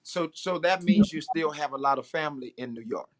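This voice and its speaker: A man, a pastor hosting the interview, asking questions and speaking in a measured way with some pauses. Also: on the high side, crowd noise. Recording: faint background noise.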